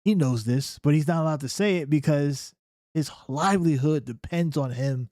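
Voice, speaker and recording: A man's voice: a little high, normal speed, mellow, no echo, clean studio sound. A man hosting a political reaction commentary, talking emphatically and often checking in with "right?". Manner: emphatic, keeps asking "right?".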